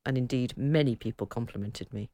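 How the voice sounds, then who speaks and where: A woman's voice: extremely low pitch, a little fast, vocal fry, dark tone. A woman from northern Liverpool co-hosting a radio chat show, trading dry, self-mocking remarks and reading out listener emails. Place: radio studio.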